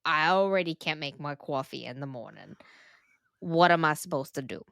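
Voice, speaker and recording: A woman's voice: low-pitched, expressive, moderate pace, gravelly, a bit bright, smooth, no echo, clean studio sound, full character voice. A woman voicing an exasperated colonial mother of twelve, complaining in a put-on New Jersey accent. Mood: fed up.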